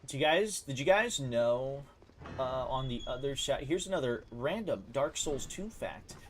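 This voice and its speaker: A man's voice: mid-range voice, expressive, unhurried, slight background noise. A man streaming a video game, chatting casually and playfully trash-talking the characters on screen in a mocking, sing-song way. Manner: mocking sing-song taunting, jumps between loud and mumbled. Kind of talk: casual gaming commentary.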